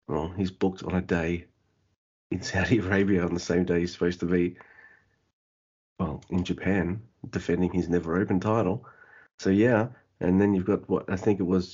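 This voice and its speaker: A man's voice: low-pitched, darkish tone, breathy edge, lo-fi sound. A man hosting a casual podcast, joking and laid-back as he runs through plugs and news. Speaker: podcast host.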